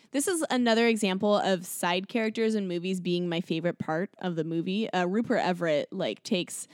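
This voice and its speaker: A woman's voice: lowish voice, dry recording, studio quality. Chatty young woman recapping a film. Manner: chatty, lots of likes and ums, acts out quotes. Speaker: podcast co-host. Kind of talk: casual film chat.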